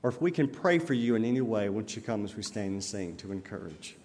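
A man's voice: lowish voice, animated, fast talker, darkish tone. A male pastor preaching a sermon earnestly, with emphatic rises when quoting scripture. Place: church sanctuary. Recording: long reverb of a church hall.

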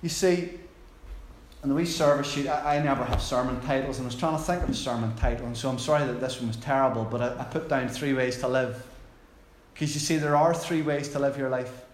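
A man's voice: mid-range voice, steady tone, brisk, reverberant, slight background noise. A man preaching a sermon in a conversational way, asking the congregation questions.

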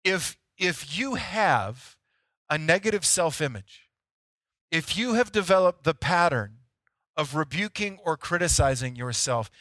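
A man's voice: on the high side, animated, measured pace, sharp tone, dry recording. A man preaching a sermon as pastor, talking to the congregation in a conversational, self-deprecating storytelling way.

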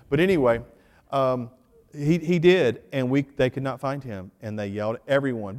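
A man's voice: medium pitch, moderate pace, darkish tone. Male pastor, mid-range voice, casual storytelling sermon, long church reverb. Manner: conversational, joking storyteller addressing the congregation.

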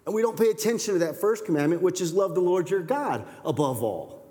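Animated preacher man in a reverberant hall. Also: high-pitched, brisk. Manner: animated, acts out quoted voices. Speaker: pastor. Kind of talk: sermon with scripture reading.

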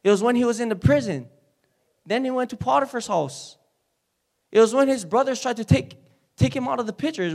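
A man delivers a sermon in church. His voice sits high, and he preaches with energy, turning often to the congregation for a response. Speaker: speaker at a church service.

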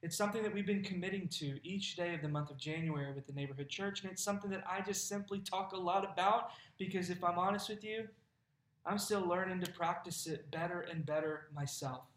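A man's voice: sits high, fairly quick, a bit bright, reverberant. A man preaching a sermon as pastor, conversational and folksy, laughing now and then.

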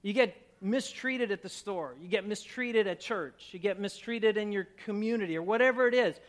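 A middle-aged man from Minnesota, a pastor preaching a sermon with personal stories, animated and laughing at himself. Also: sits high, normal speed. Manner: animated, self-mocking storyteller who laughs at himself.

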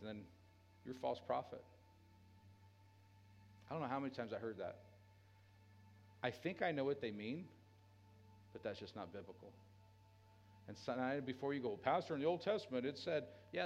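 A pastor preaching a sermon with a dynamic delivery, dropping to a hushed tender voice and rising loud again. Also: male voice, mid-range voice, animated, normal speed, vocal fry, pauses often, highs cut off.

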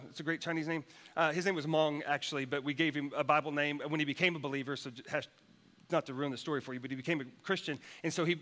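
A man's voice: sits high, pushed and bright. A man preaching a sermon, telling a personal story with many restarts and repeated words. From United States. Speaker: pastor.

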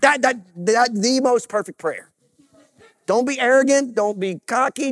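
High-voiced man preaching, slow and dry. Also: a bit bright, no room sound. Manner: preaching with call-and-response and comic asides. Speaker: pastor. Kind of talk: sermon. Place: church sanctuary with congregation.

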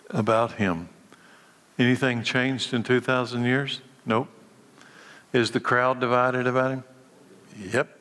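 A man's voice: medium pitch, a bit bright. A man teaching a sermon, reading scripture aloud and putting emphatic questions to his listeners. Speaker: Bible teacher. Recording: hall reverb.

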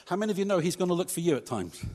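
A man's voice: high-pitched, sing-song, very fast, darkish tone, long reverb tail. A male pastor preaching a sermon in a church, talking conversationally and joking with the congregation. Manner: conversational, humorous asides to congregation. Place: church hall.

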